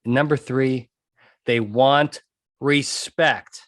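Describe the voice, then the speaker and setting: A man's voice: medium pitch, fairly even intonation, slow pace, fairly bright tone, no echo, clean studio sound. A man hosting a podcast monologue who talks emphatically, repeats his key points and keeps checking in with "okay?". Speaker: podcast host and trial consultant.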